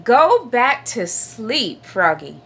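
Woman playing a mother frog, storybook voice, gently scolding, calling out, slow delivery. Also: fairly high pitch, very animated, husky, heavily acted. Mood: soothing. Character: patient mother frog calling her son. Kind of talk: children's storybook read-aloud.

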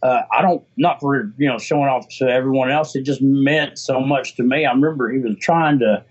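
Man, rambling, emotional, middle pitch, slightly muffled audio. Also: fairly quick. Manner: rambling, emotional, many restarts. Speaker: interview guest, brother of a missing man. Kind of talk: casual interview conversation.

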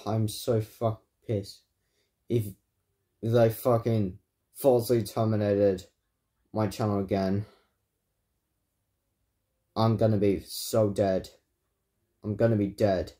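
A man ranting angrily in a vlog, swearing often and repeating himself in halting bursts. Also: lowish voice, level tone, warm tone. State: angry. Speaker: YouTuber. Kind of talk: angry vlog rant.

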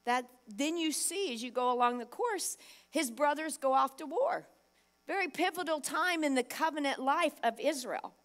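A woman's voice: sits high, animated, moderate pace, a bit bright. A woman pastor preaching a sermon, emphatic, acting out Bible quotes and putting direct questions to the congregation.

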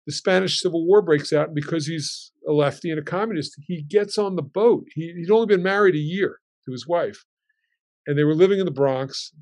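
A man's voice: fairly high pitch, darkish tone. A man in his sixties, a guest telling family stories in a casual way and acting out his relatives' lines as he goes.

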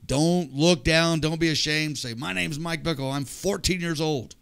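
A man's voice: on the high side, normal speed, creaky, fairly bright tone. An older man, a podcast guest, telling his personal testimony with animation and acting out the voices of people in the story.

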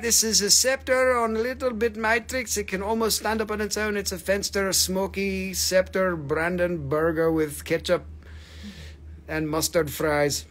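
A fairly bright, high-sitting male voice moves at a measured pace through live sales chat. He's selling crystals on a stream, holding up each piece while bantering with his audience.

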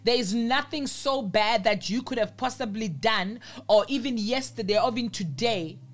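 A woman's voice: fairly high pitch, moderate pace, faint music behind. A woman preaching a sermon in an earnest manner, repeating phrases for emphasis.

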